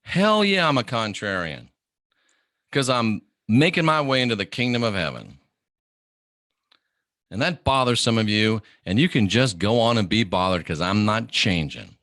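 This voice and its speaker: A middle-aged man hosting a livestream, delivering an animated, preachy monologue and mimicking the people he quotes. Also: lowish voice, moderate pace, no room sound, studio quality. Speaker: host of an online channel.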